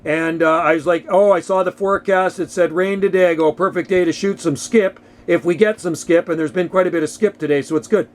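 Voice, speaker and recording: A man's voice: sits high, fairly even intonation, fairly quick, hardly any pauses. A man chatting casually over ham radio from his home radio shack, friendly and full of radio lingo. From Canada. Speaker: radio operator.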